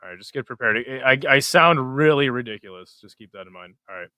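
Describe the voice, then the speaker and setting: Lively, cursing stream host. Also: male voice, mid-range voice, fast talker, smooth, dry recording. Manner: profane, self-mocking, mutters to himself. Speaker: livestream host. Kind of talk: casual live-stream chat.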